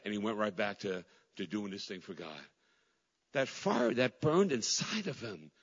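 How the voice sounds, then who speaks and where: Preaching fast in a fairly low voice with lively intonation, a middle-aged male pastor swings between ringing cries and hushed, almost whispered lines, repeating phrases for emphasis. The sound is dull and slightly muffled, with a long reverberant tail from a big church hall.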